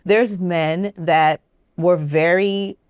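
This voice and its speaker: A woman speaks candidly about her relationship on a talk show. Her voice sits a little low, and the sound is dry and close. She acts out both sides of old conversations as she tells it. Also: steady tone, very slow, clean tone, dry recording. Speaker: guest. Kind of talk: candid personal storytelling. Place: television studio.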